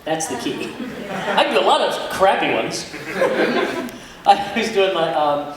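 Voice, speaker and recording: Laughing voice actor in an echoey hall. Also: male voice, high-pitched, animated, measured pace. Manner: laughing often, chatty storytelling. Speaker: guest voice actor. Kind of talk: convention panel Q&A. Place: convention hall. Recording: echoey hall from far off, crowd ambience.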